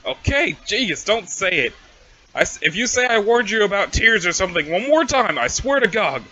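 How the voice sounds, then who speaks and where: A man voicing an aloof, sarcastic teenage boy in a webcomic reading, flat and swearing often. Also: high-pitched, moderate pace, lo-fi sound, full character voice. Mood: irritated. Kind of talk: reading a webcomic aloud with voices.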